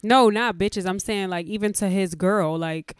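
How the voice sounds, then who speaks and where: An easygoing woman co-hosts a casual podcast, laughing off teasing and pushing back mildly. Her voice is smooth and clear at a middle pitch. The sound is dry and close. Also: moderate pace, no echo. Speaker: podcast co-host. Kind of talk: casual chat.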